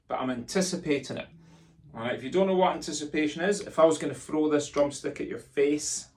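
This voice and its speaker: A man teaching pipe band drumming, counting in and chanting sticking patterns in an encouraging, jokey way. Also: on the high side. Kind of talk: instructional lesson, counting in and calling rudiments. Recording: distant mic with loud drumming behind.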